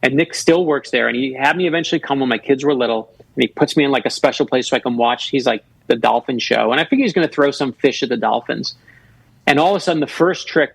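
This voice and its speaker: Guest author, a man in his fifties, with a husky voice and a dry, close sound. He tells earnest personal stories. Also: on the high side, no echo, low-quality recording. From Florida. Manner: earnest storyteller who acts out quoted voices. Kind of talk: storytelling in a radio interview.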